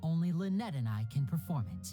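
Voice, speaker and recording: A woman voicing a suave stage magician in a video game, explaining in a smooth, theatrical way. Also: low voice, lively intonation, fairly quick, music in the background.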